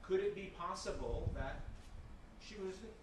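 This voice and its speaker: A male attorney cross-examining a witness in a courtroom with measured, formal questions, pressing for yes or no answers. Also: high voice. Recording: distant, very echoey courtroom mic with hiss.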